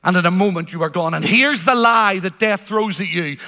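High, bright-voiced preacher in a reverberant hall. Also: male voice, normal speed, few pauses. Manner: earnest, emphatic, repeats phrases for weight. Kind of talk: sermon.

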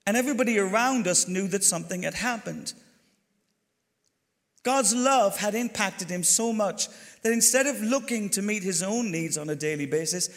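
An Irish man telling a story during his sermon as a pastor, chatty and animated, talking straight to the congregation. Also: sits high. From Ireland. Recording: long hall reverb.

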